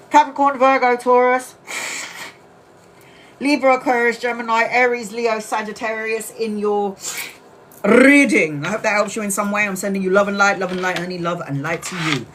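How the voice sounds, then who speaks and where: A woman's voice: on the high side, moderate pace, pauses often, a little hiss or hum. A woman doing a casual live-stream tarot reading, blunt and chatty, with the odd swear word. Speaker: tarot reader.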